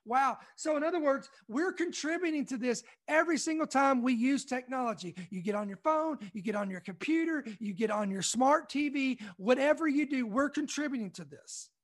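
Kentucky-raised male commentator, young, emphatic, reads news and stresses key lines slowly. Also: extremely high pitch, animated. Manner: emphatic, repeats points slowly for effect. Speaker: online commentary host.

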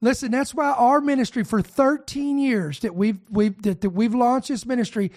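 A man's voice: very high voice, normal speed, a little mellow. A man preaching a sermon in an emphatic, repetitive style, often restarting his phrases.

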